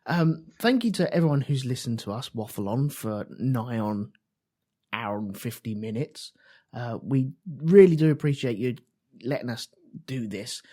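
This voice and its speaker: A man co-hosting a relaxed podcast, his pitch rising and falling a lot as he talks. He drifts into animated, sweary rants in a casual, chatty way. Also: a little slow. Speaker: podcast co-host. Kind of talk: casual chat.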